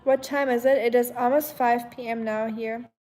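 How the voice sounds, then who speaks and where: A woman's voice: on the high side, steady tone, moderate pace, dark tone. A young German woman with a German accent, chatting casually with viewers on her livestream, hesitant with many ums. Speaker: livestream host. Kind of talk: casual chat reading viewer comments.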